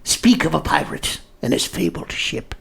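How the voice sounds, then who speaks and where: A man voicing a gruff old male pirate who recites a rhyming treasure clue in a gravelly, drawn-out way. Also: fairly high pitch, expressive, a bit bright, heavily acted. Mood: theatrical.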